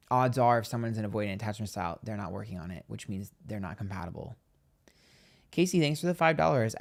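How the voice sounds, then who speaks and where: A man hosting a live stream, telling a gossipy story in casual chat, acting out what others said and thanking viewers for donations. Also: fairly low pitch. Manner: chatty and gossipy, acts out quotes, reads donations aloud. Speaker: psychic tarot livestream host.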